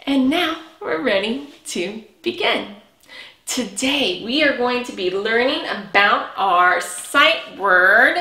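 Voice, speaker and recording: A woman teaching a preschool reading lesson, speaking cheerfully with drawn-out words and lots of praise. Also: fairly high pitch, lively intonation, bright, forceful tone. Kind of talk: slow, sing-song lesson for young children. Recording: echoey room.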